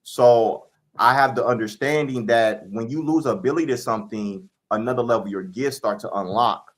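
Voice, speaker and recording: A man guest on a casual interview, calmly explaining his spiritual practice and DJing. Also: mid-range voice, moderate pace.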